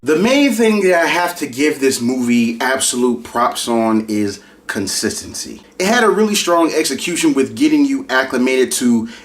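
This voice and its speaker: A man's voice: medium pitch, lively intonation, normal speed, few pauses. A man giving a casual, enthusiastic movie review on his channel.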